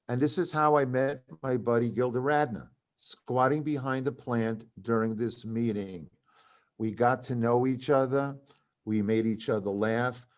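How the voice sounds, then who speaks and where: An older man, a comedy writer, telling stories at a live talk and acting out the voices of the people in them. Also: mid-range voice. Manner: animated, acts out other people's voices in quotes. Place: cultural center venue, live event.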